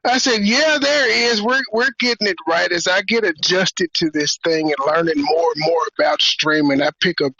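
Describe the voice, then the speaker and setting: A man's voice: sits high, moderate pace, hardly any pauses, sharp tone, husky, no echo. Male host, blunt provocateur, dry close sound, dull lo-fi stream audio. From Memphis, USA. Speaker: show host. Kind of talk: livestream talk show chat. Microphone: video call stream.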